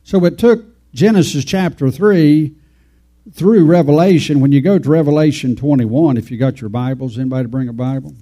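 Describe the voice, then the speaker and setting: A man's voice: fairly high pitch, moderate pace, mellow. A man preaching an informal, folksy sermon, rambling and talking straight to his congregation.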